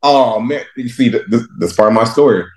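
A young man from Texas, a pro linebacker, telling stories in a casual interview, lively and laughing often as he acts out his younger self. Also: medium pitch, brisk. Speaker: guest, professional football linebacker.

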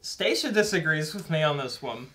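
A man's voice: fairly high pitch, very animated, moderate pace, fairly bright tone. Earnest young man reviewing a movie. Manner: earnest, rambling with many fillers and restarts. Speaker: co-host of a movie review show. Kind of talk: casual movie review chat.

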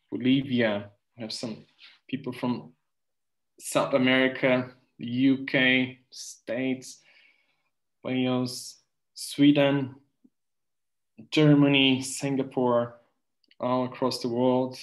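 A man hosts an online webinar at a slow, easy pace, reading out where the audience is joining from. His pitch sits in the middle range. It sounds like a video call. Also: poor audio. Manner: unhurried, reads out audience chat. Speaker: webinar moderator.

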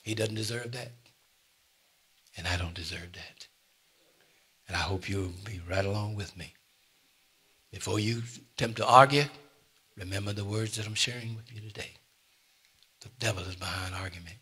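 An older man preaching a sermon to his congregation in church, shifting from quiet asides to loud emphatic declarations. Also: lowish voice, moderate pace, pauses often, husky. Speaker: pastor.

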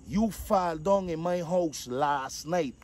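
A man, animated casual storytelling, acting out the voices of the people in his story. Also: fairly high pitch, slow. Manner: animated, acts out quotes, repeats 'dog'.

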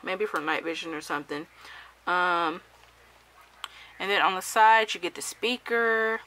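A woman unboxing and reviewing a gadget in a relaxed, unhurried way, her voice sitting a little low but sounding bright and clear. She hesitates often, filling gaps with ums and correcting herself as she goes. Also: rough recording. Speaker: product reviewer.

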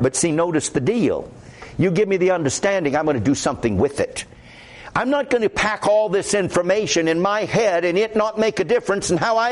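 A man's voice: high-pitched, darkish tone. A man with a Midwestern American accent preaching a sermon as pastor, conversational and quoting scripture aloud.

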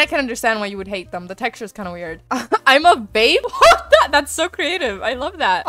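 A teenage girl giving excitable, chatty commentary on a game she is playing, with sudden squeals and frequent laughing. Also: fairly high pitch, no room sound. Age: teens. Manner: chatty, slangy teen talk. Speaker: gaming video creator.

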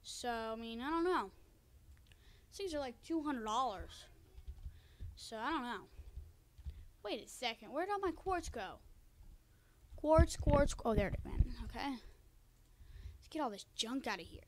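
Woman, high voice, casual gaming commentary, excitable, chatty to viewers, cheap desk mic. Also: unhurried, pauses often, a little hiss or hum. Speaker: gaming video creator. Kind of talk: casual Let's Play commentary. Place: home room by a window. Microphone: cheap desk microphone.

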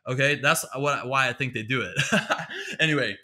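A man's voice: medium pitch, huge pitch swings, normal speed, pushed and bright. A man hosting a podcast, rambling through a sarcastic, profane comedic monologue. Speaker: podcast host.

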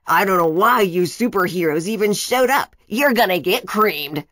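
A woman's voice: mid-range voice, expressive, normal speed, a bit bright, no room sound, close to an everyday voice. A woman voicing a selfish grown man, a sports coach who sneers at the other team, in a children's storybook. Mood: sneering.

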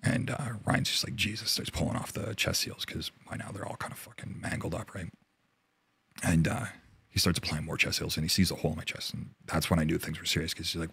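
A very deep, gravelly Canadian man, an army veteran and interview guest, recounts a war story with free swearing and frequent mid-sentence restarts. His voice is husky with rough fry, and the close, dry recording has a fairly bright tone and no echo.

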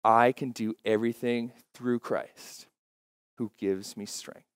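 Male pastor, mid pitch, emphatic sermon delivery, dry recording. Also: fairly even intonation, smooth, dry recording. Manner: emphatic, repeats key phrases slowly. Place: church.

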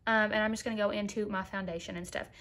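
A woman's voice: medium pitch, fairly even intonation, quick pace, a bit bright. A young woman talking casually to viewers in a makeup tutorial, chatty and sassy, calling them girl. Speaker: beauty vlogger.

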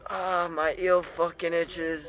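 A man's voice: on the high side, flat delivery, slow, fairly bright tone, lo-fi sound. A young man in casual gaming chat, laid-back and swearing a lot, talking into a headset. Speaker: gamer.

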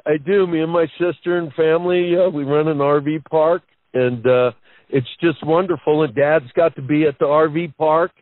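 A middle-aged man calls in as a guest and tells his stories in an earnest, rambling way, often stumbling over and repeating words. His voice sits a little high for a man. It comes through a thin, tinny phone line that sounds dry and close. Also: dry recording. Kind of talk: casual storytelling interview.

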